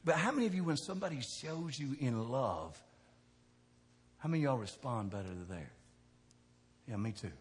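A man preaching a sermon, talking with the crowd in a chatty way, asking questions, going from quiet to loud. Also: medium pitch, expressive, moderate pace, long pauses, slightly rough. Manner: conversational preaching, asks the crowd questions, swings from soft to shouting. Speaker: pastor. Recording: long hall reverb.

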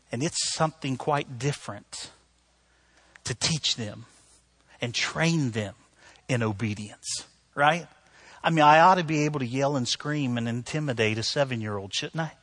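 A middle-aged male pastor delivering a sermon in a husky, slightly high voice. He tells stories, swings from loud bursts to soft, earnest lines, and keeps checking in with the congregation. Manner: storytelling with sudden loud outbursts, then soft.

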